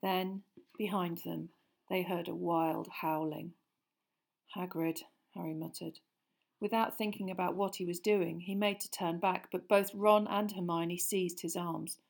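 A woman reading an audiobook chapter in a hushed, suspenseful storytelling manner. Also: on the low side, fairly even intonation, a little slow, creaky. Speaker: audiobook narrator. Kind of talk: scripted narration.

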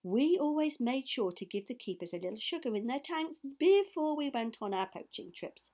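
A woman reading a storybook, voicing an old man who drives a country taxi, excitable and full of rough slang. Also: high-pitched, normal speed, voice pushed up. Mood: knowing.

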